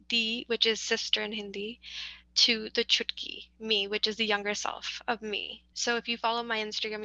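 A woman's voice: fairly high pitch, creaky, bright, forceful tone, no room sound. A young woman, a social worker, chatting casually and upbeat as a podcast guest, laughing often. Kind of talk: casual conversation. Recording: dull lo-fi dry recording.

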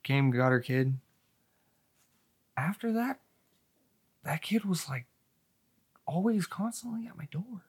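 A man's voice: fairly high pitch, lively intonation, slow pace, pauses often, slightly rough. A man chatting casually and telling stories in a profane, slangy way. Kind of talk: casual chat.

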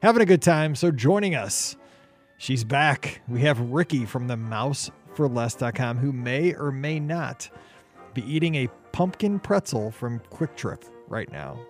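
A man's voice: medium pitch, animated, faint music behind. A man hosting a podcast, chatting casually and joking with his co-hosts. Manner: upbeat, joking, quick asides. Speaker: podcast host.

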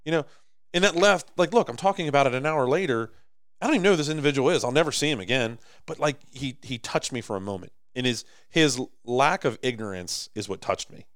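A man with an American accent co-hosting a podcast in casual chat, rambling and animated, swinging between loud and soft. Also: mid-range voice, fast, dry recording, studio quality. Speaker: podcast co-host.

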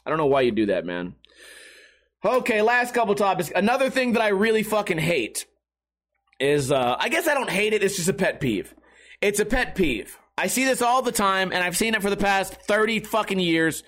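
A middle-aged man ranting on his podcast in a casual, profane, sarcastic way. His voice sits fairly high and sounds bright and forceful. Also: big pitch swings, moderate pace. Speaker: podcast host.

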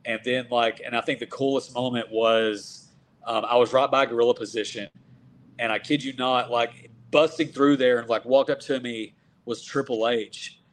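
A man from Texas, a wrestler in his thirties, telling stories in a casual, animated way and acting out what people said. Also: mid-range voice, normal speed. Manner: animated, acts out quoted dialogue. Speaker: professional wrestler guest. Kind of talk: casual storytelling.

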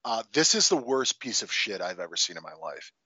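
A man's voice: fairly low pitch, big pitch swings, fairly quick, bright, forceful tone, slightly rough, no room sound, lo-fi sound. A man in his forties, a podcast co-host, ranting profanely and with exasperation about a film in casual chat.

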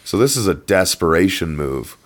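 A man's voice: low voice, very animated, normal speed. A man co-hosting a podcast over a remote call, ranting and swearing in casual chat and mocking people in put-on voices. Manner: profane, ranting, mocking impressions. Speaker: podcast co-host. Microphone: remote call mic.

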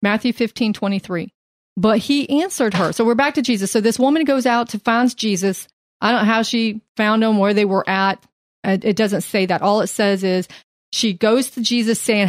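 A woman co-hosting a faith podcast, mixing Bible teaching with earnest, animated storytelling. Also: mid-range voice, normal speed, no echo, clean studio sound. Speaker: podcast co-host.

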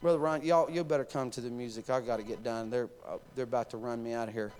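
A man's voice: medium pitch, fairly even intonation, fast talker, hardly any pauses, darkish tone, clear, resonant tone, long reverb tail. A man preaching as assistant pastor, speaking passionately and directly to his congregation. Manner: impassioned, addresses congregation directly. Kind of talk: sermon. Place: church sanctuary.

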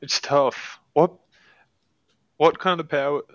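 A man's voice: on the high side, fairly even intonation, takes it slowly, no room sound. A man co-hosting a casual podcast, wry and full of offbeat questions. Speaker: podcast co-host. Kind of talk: casual chat. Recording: dull dry mic.

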